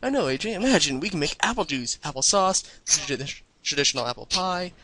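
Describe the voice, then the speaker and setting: A man's voice: on the high side, animated, brisk, pushed and bright, a little hiss or hum, poor audio. A man voicing a cocky flying pony mare who tries to act cool, in a mock-earnest comedic fanfic reading.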